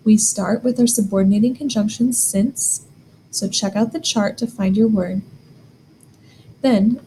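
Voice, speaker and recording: A woman's voice: mid-range voice, unhurried, mellow, slight background noise, low-quality recording. A woman teaching a German grammar lesson, explaining step by step and asking the learner questions.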